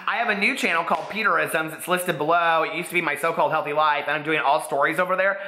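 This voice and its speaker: A man's voice: on the high side, fast, sharp tone. A man, chatting casually about books he's read, gushing and full of "like"s. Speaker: booktube host. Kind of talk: casual book review vlog. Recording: echoey room.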